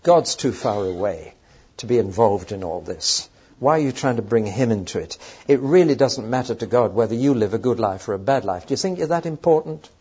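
A man voicing a gentle, pious elderly sage who pleads calmly and persuasively. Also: mid-range voice, brisk, husky. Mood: dismissive. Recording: dull lo-fi recording.

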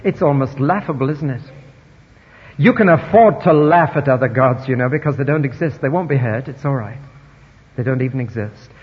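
A man preaching a sermon, emphatic and wry, dropping quiet then rising loud, in a dull, echoey hall recording. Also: mid-range voice, moderate pace, slightly rough.

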